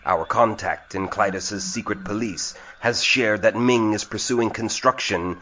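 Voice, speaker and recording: A man voicing a lion-like feline noble in an audio drama, measured, formal and persuasive. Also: on the low side, sharp tone, muffled recording. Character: lion-like male feline noble, calm diplomat. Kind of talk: indie audio drama acting.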